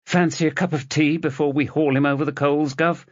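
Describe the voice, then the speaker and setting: A woman's voice: sits low, fairly even intonation, brisk, no room sound, lo-fi sound, pitched above the performer's own voice. A man voicing a tough young female detective sergeant who talks bluntly and teases her boss. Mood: wry. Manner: blunt, teasing.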